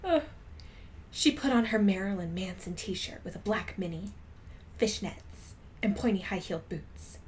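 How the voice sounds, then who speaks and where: A young woman streamer reading a story aloud in a soft, half-whispered voice, with loud outbursts of commentary. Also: medium pitch, measured pace, slight background noise.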